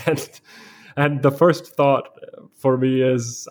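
A man speaks as a guest in a conversation. He tells his story vividly, in the present tense, at a middling pitch. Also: steady tone, slow pace. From Denmark.

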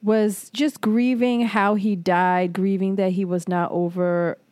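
A woman's voice: medium pitch, fairly even intonation, slow pace, darkish tone, smooth, no room sound. A woman co-hosting a podcast, casually recapping a story for her partner. Her voice sits in a middle range. The recording is dry, with no room sound. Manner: storytelling recap with short agreeing replies. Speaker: podcast co-host.

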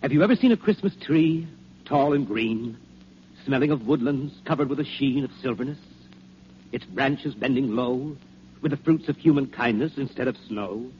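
An actor playing a patient, persuasive old Santa Claus, speaking calm, coaxing rhyming verse in 1940s radio acting. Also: male voice, mid-range voice, normal speed, close to an everyday voice. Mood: wistful. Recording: dull, faintly hissy old radio recording.

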